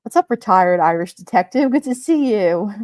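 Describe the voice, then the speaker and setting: A woman's voice: mid-range voice, expressive, moderate pace, a little mellow, no room sound, studio quality. A woman with a Brooklyn accent hosting a casual live stream, chatting, reading out viewer comments and laughing often. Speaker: livestream host.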